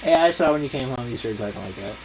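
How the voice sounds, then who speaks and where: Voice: mid-range voice, expressive, racing, background noise. A friend chatting casually, blunt and teasing, with plenty of swearing. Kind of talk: casual chat.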